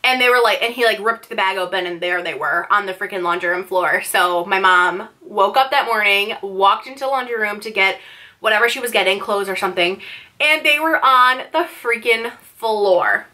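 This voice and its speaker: Bright-voiced chatty young woman. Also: medium pitch, normal speed. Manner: chatty, fillers of "like", candid. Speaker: vlogger. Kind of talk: casual storytime.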